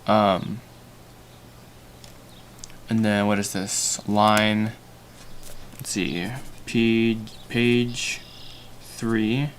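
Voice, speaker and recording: A man's voice: on the low side, fairly even intonation, extremely slow, pauses often, a little hiss or hum. Rambling young man thinking aloud. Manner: rambling, self-mocking, thinking aloud with many fillers. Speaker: animator and livestream host. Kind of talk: casual livestream chat while storyboarding.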